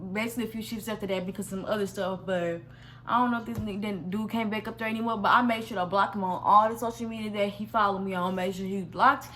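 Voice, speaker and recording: A young woman from Missouri telling a casual storytime vlog in a slangy, animated way, with quick restarts and an exasperated tone. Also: mid-range voice, a little hiss or hum. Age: young adult. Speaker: vlogger.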